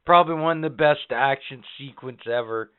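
A man hosting a casual podcast, counting down favorite moments with excited, profane storytelling. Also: medium pitch, fairly quick, clean tone. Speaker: podcast host. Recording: phone-like narrow band.

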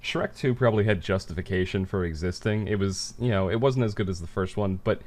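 A man's voice: low-pitched, a little fast, darkish tone. A young man co-hosting a casual chat, talking in stumbling restarts and swearing freely.

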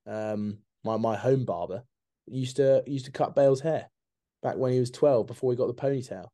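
A man's voice: mid-range voice, normal speed, dark tone. A man co-hosting a casual podcast, joking, laughing often and quizzing his co-host with trivia. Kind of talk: casual chat.

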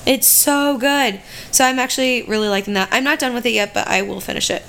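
Female podcast co-host, loose and tangent-prone, slightly high pitch. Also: fairly quick, vocal fry, fairly bright tone. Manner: rambling and tangent-prone, swears casually. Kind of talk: casual podcast chat.

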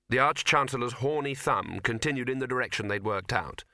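A man's voice: mid-range voice, fairly quick, few pauses, pushed and bright, no room sound. A man narrating a comic fantasy audiobook, shifting his voice for each character.

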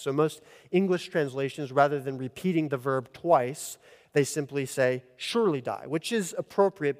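A man preaching an earnest expository sermon as pastor, rising in emphasis at key points. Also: on the high side. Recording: long church reverb.

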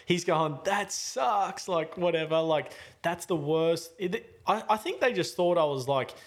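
A man's voice: fairly high pitch, moderate pace. A man in his twenties hosting a podcast, telling a story in a rambling, slangy way with lots of fillers and restarts. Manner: animated, voice jumping up and down with the story. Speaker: podcast host. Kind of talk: casual storytelling chat.

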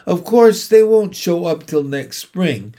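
Storybook read-aloud: man voicing a weak, weary, wise lady spider, calm and patient. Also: sits high, slow pace, voice pushed up. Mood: gentle. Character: wise, gentle female spider, tired and sad.

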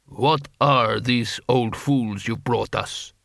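A man voicing an arrogant male ninja, slow, low and contemptuous. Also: vocal fry, fairly bright tone, dry recording, clean studio sound. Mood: sneering.

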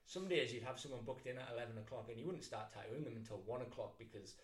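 A man's voice: mid-range voice, fast. A middle-aged man, a tattoo artist co-hosting a casual podcast, telling stories animatedly with frequent laughs and restarts. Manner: animated storyteller, laughs often, many restarts. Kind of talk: casual chat, storytelling. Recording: roomy echo.

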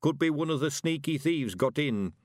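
A man voices an anxious, suspicious old countryman with a burr, pitching it above his own voice yet close to everyday speech. The delivery is animated, on the high side and moderately paced, in clean studio sound with no echo.

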